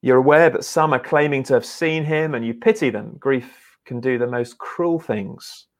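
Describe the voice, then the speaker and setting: A man preaching a sermon in an earnest, conversational way, often restarting his words. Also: medium pitch. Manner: earnest, halting with repeated restarts.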